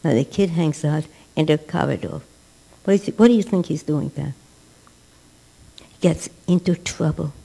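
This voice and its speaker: A woman teaching a religious class in a warm, mellow voice. She speaks emphatically, repeats key words for stress and acts out the people she quotes. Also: low-pitched, normal speed, creaky, pauses often, poor audio. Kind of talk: religious lecture.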